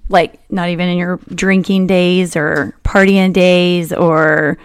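A woman's voice: fairly low pitch, little pitch movement, clean tone, no echo, studio quality. A woman in her thirties hosting a podcast, chatting casually and teasing her guest. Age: 30s. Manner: teasing, playful, quick to laugh. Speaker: podcast host. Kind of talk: casual chat.

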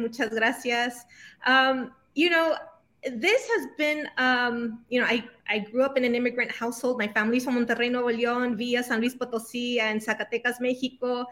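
A woman's voice: fairly high pitch, fairly even intonation, normal speed, a bit bright. A woman scholar speaking as an interview guest, thoughtful and reflective. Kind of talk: conversational interview.

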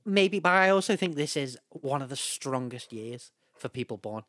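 A man co-hosting a podcast in casual, jokey chat, often trailing off quietly. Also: mid-range voice, lively intonation, moderate pace, no echo. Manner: jokey, trails off softly at ends of lines. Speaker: podcast co-host.

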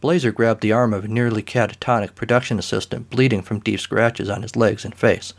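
A man narrating a comic story in a dry, deadpan manner. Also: fairly low pitch, a little fast, creaky, hardly any pauses.

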